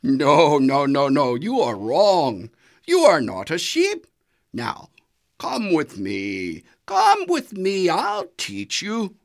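A storyteller voicing a big, strong father tiger who talks in a booming, insistent, drawn-out way. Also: huge pitch swings, full character voice.

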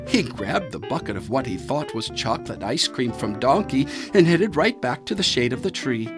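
A man reading a children's story aloud in an expressive storytelling manner. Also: medium pitch, moderate pace. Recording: soft music underneath. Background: faint music.

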